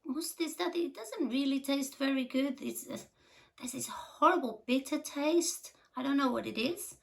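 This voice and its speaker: A woman's voice: sits high, lively intonation, moderate pace, creaky, pitched above the performer's own voice. A woman doing a whiny little boy. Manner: whiny, pleading. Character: young boy, trusting then frightened.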